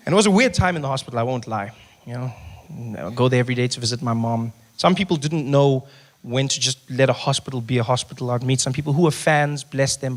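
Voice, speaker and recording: A man doing stand-up comedy, telling stories with animated delivery and putting on voices. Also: mid-range voice. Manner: animated storytelling, acts out voices.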